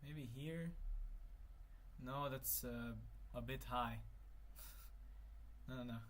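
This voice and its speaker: A young man live-streaming while he works at his computer, thinking out loud, muttering to himself and swearing when things break. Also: medium pitch, very slow, slight background noise. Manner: thinks aloud, mutters, swears, exasperated then laughing. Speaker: conlang streamer.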